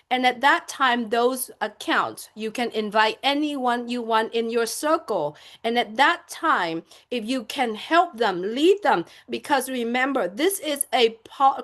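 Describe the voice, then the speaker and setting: A woman speaking on a live online group call, slow and emphatic, repeating key words for her listeners. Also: high-pitched, a bit bright.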